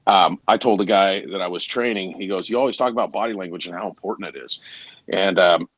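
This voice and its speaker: A man, a garage door salesperson, telling lively stories in a casual interview, acting out the dialogue and sometimes losing his train of thought. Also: low-pitched, quick pace, no room sound, dull audio. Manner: animated, acts out dialogue in stories.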